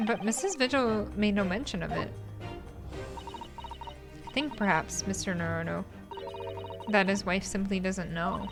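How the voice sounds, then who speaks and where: A woman's voice: mid-range voice, measured pace, pauses often, pitched below the performer's own voice, lightly acted. A woman reading a polite young male detective with formal, courteous questions, game music behind. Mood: earnest.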